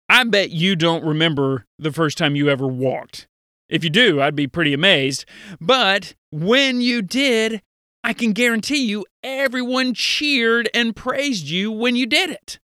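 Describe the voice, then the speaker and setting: Upbeat man teaching kids with a bright voice. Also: high voice, clean tone, no room sound, clean studio sound. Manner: lively, playful, talks straight to kids. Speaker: children's Bible teacher. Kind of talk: kids' Bible lesson.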